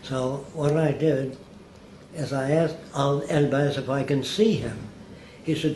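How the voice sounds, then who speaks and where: A man's voice: medium pitch, a little slow. A man telling anecdotes as an interview guest, acting out the people he quotes. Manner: lively storyteller who acts out quoted people. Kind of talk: anecdotal storytelling. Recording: echoey room with faint hiss.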